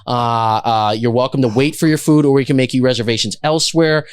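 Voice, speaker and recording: A cool, unflappable restaurant manager making a smooth, reassuring announcement to a dining room, as a man puts him on. His voice sits a touch higher than usual and carries well, and he stays steady and polished throughout. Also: brisk, dry recording, natural voice. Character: calm male restaurant manager calming diners. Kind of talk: podcast anecdote.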